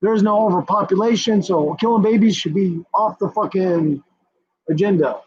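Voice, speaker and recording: A man giving a combative, profanity-laced ranting commentary with a husky voice, hammering the same points over and over. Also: high-pitched, normal speed, darkish tone, dull audio. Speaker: streamer.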